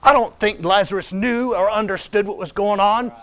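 A visiting missionary preaches a sermon in a church sanctuary, emphatic and conversational, urging listeners on with "listen" and "come on now." His voice sits high, with a fairly bright tone and normal speed.

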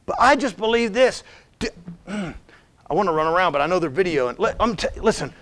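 A man's voice: sits high, lively intonation, a little fast, fairly bright tone. A man preaching a sermon in a church as a visiting missionary, emphatic and conversational, urging his listeners with "listen" and "come on now". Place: church sanctuary.

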